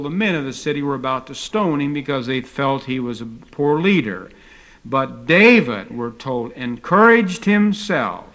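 A man's voice: medium pitch, fairly bright tone. An older man teaching a taped Bible lecture, telling stories in a folksy way with frequent hesitant fillers.

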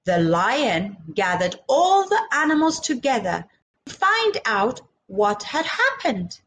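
A woman's voice: a little high, sing-song, slow, a bit bright, slight background noise, poor audio. A woman reading a children's picture book aloud, acting out sound effects and chatting to young listeners. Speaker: children's storyteller.

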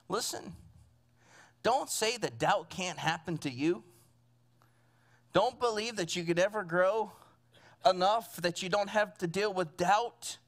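A man's voice: sits high, fairly bright tone. A man preaching a sermon as pastor to his church congregation, earnest and at times building to emphatic fervor. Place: church sanctuary.

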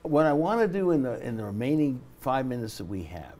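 A man's voice: mid-range voice, sing-song, brisk, warm tone, slight background noise. A man hosting a studio interview show, affirming his guest and steering the conversation. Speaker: host. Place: television studio.

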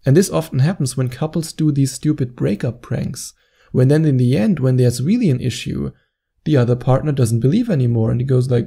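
Male dating coach, emphatic advice monologue, deep and gravelly. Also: brisk, dark tone. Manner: earnest, emphatic, acts out quoted reactions. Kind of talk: direct-to-camera advice monologue.

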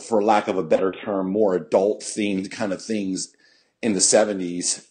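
A middle-aged man from California tells stories in a loose, rambling way, full of restarts and casual swearing. His voice sits fairly low and has a husky grain. The studio sound is dry and close. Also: a little mellow, no room sound. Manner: laid-back, swears freely, many restarts and "you know"s. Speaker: podcast guest, punk musician. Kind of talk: casual storytelling. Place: podcast studio.

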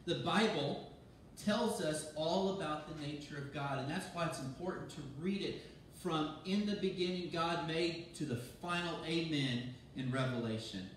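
A man, a pastor, giving a sermon in a lively, conversational way, often restarting his sentences. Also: on the high side, moderate pace, slight background noise. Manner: animated, conversational preaching with restarts. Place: church sanctuary. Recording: very echoey church from far off.

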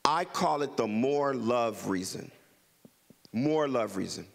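A man's voice: mid-range voice, animated, takes it slowly, gravelly. A middle-aged man from Los Angeles, a guest speaker giving an interactive talk to a community audience, leading them in call-and-response and repeating his prompts.

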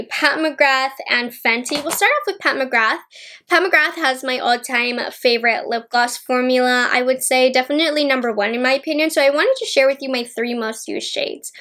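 Woman, high-pitched, young adult, chatty, enthusiastic, beauty vlog talk. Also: sharp tone. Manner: chatty, enthusiastic, addresses viewers directly. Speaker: beauty vlogger. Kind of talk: casual product review vlog.

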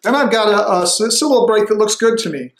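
A man thinking aloud as he slowly works through a demonstration, tentative and musing, with frequent restarts. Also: high-pitched.

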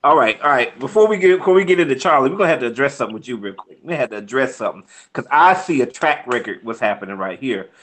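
Bright-voiced man teasing his co-host. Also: mid-range voice, fast, hardly any pauses. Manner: teasing, animated, playful ribbing. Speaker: movie review co-host. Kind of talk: casual podcast review chat.

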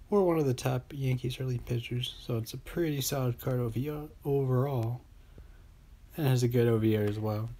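A man hosting a mobile baseball game channel, casually commenting as he opens card packs. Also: mid-range voice. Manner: relaxed, talking to himself while opening packs. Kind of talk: casual pack-opening commentary.

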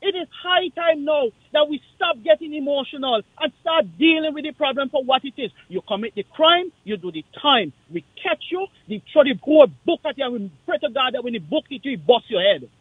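A man with a Kittitian accent calling in to a radio talk show, speaking in an impassioned, forceful, repetitive way. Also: very high-pitched, animated, fairly quick, hardly any pauses, dry recording. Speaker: caller. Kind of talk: call-in radio rant. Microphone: phone line. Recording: tinny dry phone line.

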